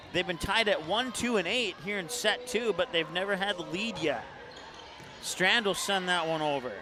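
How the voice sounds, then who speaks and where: Announcer: high-pitched Upper Midwest American man, play-by-play for school volleyball, shouts the big points, noisy gym feed. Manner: rapid calls that rise to shouts on big plays.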